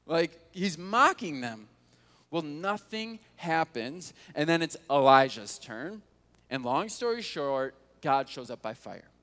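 A man preaching to his congregation, with a slightly higher voice than most men. He reads scripture and tells the story in a relaxed, conversational way, often asking his listeners questions. His voice rings out with a long reverb, as if filling a large church hall. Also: slow. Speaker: pastor. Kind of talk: sermon.

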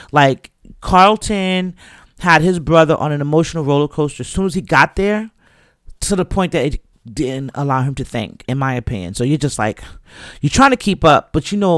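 A man's voice: on the high side, fairly bright tone, dry recording, clean studio sound. A man giving a casual, profane recap of a TV show and acting out the characters' lines as he goes. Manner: loose, profane storytelling that acts out characters' lines.

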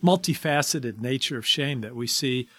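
A man reading scripture verses aloud and then explaining them in a measured, deliberate way. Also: mid-range voice, bright, forceful tone, dry recording.

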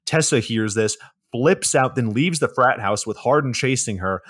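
A man's voice: mid-range voice, fairly quick, fairly bright tone, no room sound. Podcast co-host, male, loose and profane, dry recap delivery. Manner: laid-back, profane recapping with mocking quotes. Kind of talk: casual movie recap podcast.

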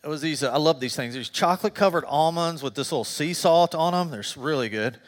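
Middle-aged guy pastor preaching, kinda high voice, jokey self-deprecating stories, big church echo. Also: fast. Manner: animated storytelling, self-deprecating humor. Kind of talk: sermon. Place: church sanctuary.

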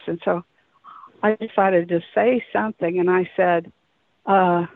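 A woman calls in to share a personal story about an encounter, earnest and rambling, often correcting herself. Her fairly low, gravelly voice has a flat delivery at normal speed. The telephone recording sounds tinny, with no room sound.

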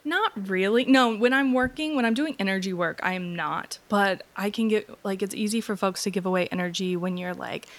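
A woman's voice: mid-range voice, a little fast, few pauses. A woman talking casually as an interview guest, chatty and full of filler words, laughing often. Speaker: energy healer guest.

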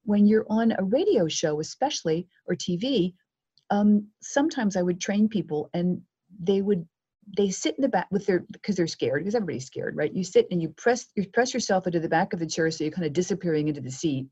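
A woman speaking as a guest media coach in a podcast interview, lively and acting out quoted exchanges. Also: lowish voice, a little fast, husky, dull audio.

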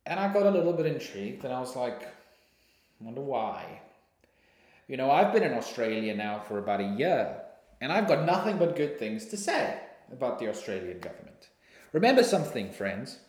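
Animated ranting South African man. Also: medium pitch, moderate pace, reverberant. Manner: animated, indignant, swears freely, bursts into shouting. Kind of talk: casual ranting monologue.

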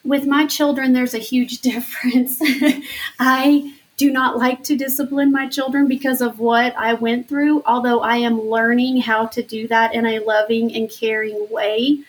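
A woman in her thirties tells her story of faith in an interview, with an earnest and heartfelt delivery that turns emotional at times. Her voice sits a little higher than most women's. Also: level tone, normal speed. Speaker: interview guest. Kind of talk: personal testimony interview.

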